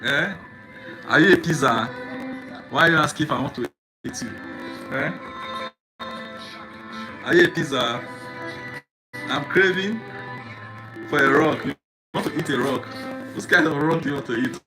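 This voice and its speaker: A man's voice: fairly high pitch, measured pace, long pauses, rough recording. A man hosting a casual livestream, repeating teasing questions to viewers in chat. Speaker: livestream host. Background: music.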